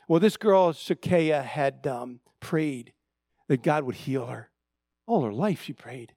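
A middle-aged male pastor delivers a sermon in a fairly high voice. He retells a story with stumbling repeats and swings from loud, emphatic rises to near-hushed drops. The sound is close and dry. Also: lively intonation, slow, dry recording.

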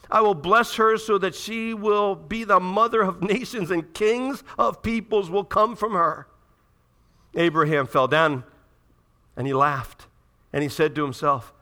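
A man preaching a sermon to a congregation, reading scripture aloud and swinging from loud, urgent passages to hushed, dramatic ones. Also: sits high. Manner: reads scripture aloud, addresses the congregation directly. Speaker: pastor.

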